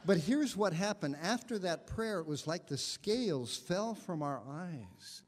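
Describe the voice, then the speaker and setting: A man preaching as a guest minister, telling a story with gentle humor. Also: high voice, lively intonation, unhurried, big-room sound, a little hiss or hum. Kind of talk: sermon. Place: congregation sanctuary.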